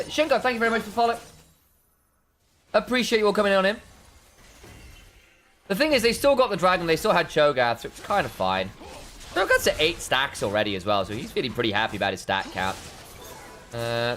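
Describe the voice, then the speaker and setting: A man casting a live esports match, breaking down item choices in detail, chatting with viewers and breaking into excited shouts during fights. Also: mid-range voice, a little hiss or hum. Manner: analytical, chatty with viewers, bursts of excitement on plays. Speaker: esports caster.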